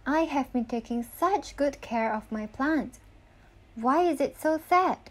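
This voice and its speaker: Cheerful storybook girl, high and bright, played by a woman reader. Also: measured pace. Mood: worried. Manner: bright and excited, sings "la la la". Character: cheerful young girl gardener, eager.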